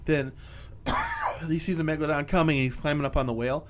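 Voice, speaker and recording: A man's voice: fairly high pitch, brisk, slight background noise. A man casually recapping a movie plot on a podcast, acting out the characters' lines with swearing. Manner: animated, acts out characters with swearing. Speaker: podcast co-host.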